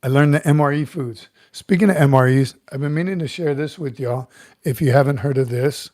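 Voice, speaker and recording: This middle-aged host, a retired Marine sergeant major, has a mid-range, darkish voice and speaks fairly quickly; the studio sound is clean with no echo. He chats easily through viewer comments on his casual livestream, laughing softly and calling people by name.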